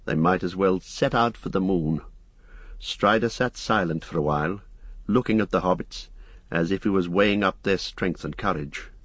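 Low husky guy reading an audiobook, measured and even, dry close sound. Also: no room sound. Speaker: audiobook narrator. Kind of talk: scripted narration.

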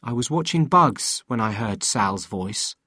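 Slow, measured male storyteller. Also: medium pitch, lively intonation, pushed and bright, dry recording, studio quality. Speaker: audiobook reader. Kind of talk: scripted narration.

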